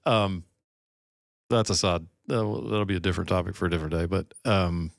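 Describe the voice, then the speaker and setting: A man's voice: deep voice, moderate pace, creaky, no room sound, studio quality. A middle-aged man co-hosting a podcast in casual chat, rambling and often breaking off mid-sentence. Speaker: podcast co-host.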